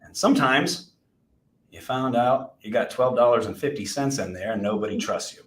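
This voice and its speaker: A man's voice: mid-range voice, moderate pace. A man in his forties, co-hosting a podcast and telling a rambling, self-deprecating story with many restarts. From Texas. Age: 40s. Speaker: podcast co-host, insurance agency owner. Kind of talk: casual chat and storytelling. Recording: roomy echo.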